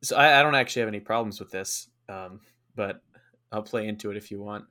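A man's voice: on the low side, fast, bright, forceful tone. A man cohosting a podcast, chatting casually and hesitantly with fillers. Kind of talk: casual chat.

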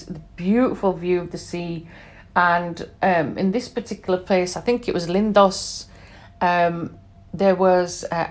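A middle-aged British woman from England telling her own travel stories in a chatty, candid way, with fillers and asides to the listener. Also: fairly low pitch. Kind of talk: casual storytelling monologue.

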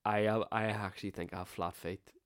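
Young man, lowish voice, dry close mic, sweary and laughing. Casual podcast co-host. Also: fairly even intonation, brisk, clean tone, dry recording. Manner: swears a lot, laughs while telling stories. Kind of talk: casual chat.

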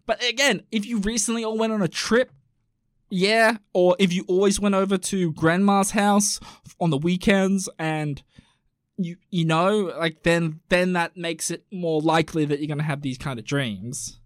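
A man's voice: high-pitched, fairly even intonation, normal speed, dry recording, clean studio sound. A man hosting a podcast in a rambling, chatty way, reading out listener messages. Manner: rambling and chatty, full of fillers and asides. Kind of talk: casual chat.

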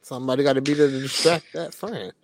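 A man's voice: medium pitch, fairly even intonation, fast, no room sound. A man co-hosting a podcast in casual chat, teasing and joking. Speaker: podcast co-host.

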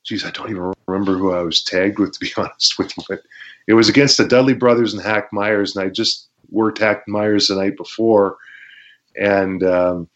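Man, deep and low, relaxed raconteur with fillers; muffled lo-fi recording. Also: moderate pace. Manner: laid-back, laughs while telling stories, many fillers. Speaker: former pro wrestler, guest. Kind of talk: casual interview storytelling. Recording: muffled lo-fi audio.

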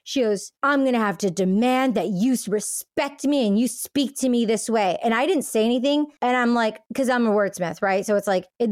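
A young woman with a fairly high voice tells a personal story in a loose, chatty monologue. She leans on "like" fillers and acts out what others said. The sound is dry and close to the mic. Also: no room sound. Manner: animated, frequent "like" fillers, acts out quoted dialogue. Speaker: podcast host.

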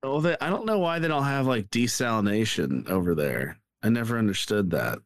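A man's voice: on the low side, sing-song, fairly quick, no room sound. Young man in casual podcast chat. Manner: casual, opinionated, hedging. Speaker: podcast co-host.

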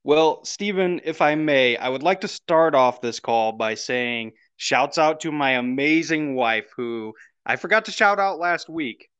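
A man's voice: a little high, a little slow, few pauses, fairly bright tone, smooth, no room sound. A man calling in to a casual chat, talking in a put-on Scottish accent, playful and mock-formal. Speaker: caller.

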